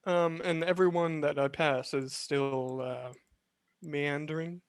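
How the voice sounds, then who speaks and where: A man's voice: fairly high pitch, steady tone, takes it slowly, clear, resonant tone, no room sound. Hesitant man playing a tabletop game. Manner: hesitant, with fillers. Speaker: player. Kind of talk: tabletop role-play.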